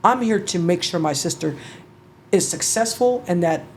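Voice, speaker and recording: A middle-aged woman, an interview guest, telling her story in a halting, emotional way, with restarts and casual swearing. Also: on the low side, animated, a little hiss or hum. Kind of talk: personal storytelling.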